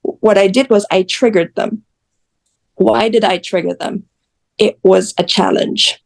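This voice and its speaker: A woman from Jamaica with a Jamaican accent, speaking as an interview guest in a candid, animated way, acting out quoted voices as she tells her story. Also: medium pitch, a little slow, creaky. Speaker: interview guest, social media creator.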